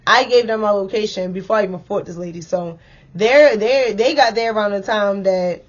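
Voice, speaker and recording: A young woman casually telling a story to her viewers, animated and full of "like" and "y'all". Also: mid-range voice, moderate pace, lo-fi sound. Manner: chatty, animated, addresses viewers as y'all with many likes.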